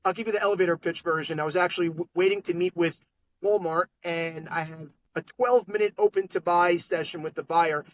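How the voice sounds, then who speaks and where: A man, a podcast guest telling sales stories in a lively, animated way. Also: high voice, rough recording. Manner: animated salesman storytelling, quick asides. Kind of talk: casual storytelling interview. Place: podcast studio.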